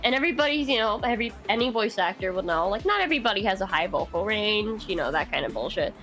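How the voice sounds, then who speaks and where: A woman's voice: medium pitch, lively intonation, quick pace, fairly bright tone, faint music behind. A young woman, a voice actress, telling stories in casual chat, swearing freely and laughing often.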